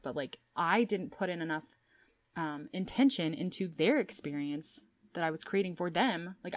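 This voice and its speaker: A young woman hosting a podcast, talking casually and warmly to her listeners, with frequent fillers and little laughs. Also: on the low side, no room sound. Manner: chatty and heartfelt, with fillers and laughs. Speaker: podcast host. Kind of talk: casual solo podcast talk.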